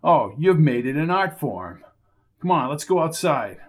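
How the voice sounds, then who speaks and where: A man's voice: fairly high pitch, very animated, a little slow. A man voicing a determined male investigator who talks bluntly and with impatience. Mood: exasperated. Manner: blunt, exasperated, insistent. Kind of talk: audiobook character voice.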